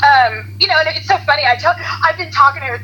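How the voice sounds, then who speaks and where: A woman's voice: high voice, quick pace, bright, forceful tone, a little hiss or hum, poor audio. A woman guest on a podcast, talking in a candid, chatty way. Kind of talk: casual chat.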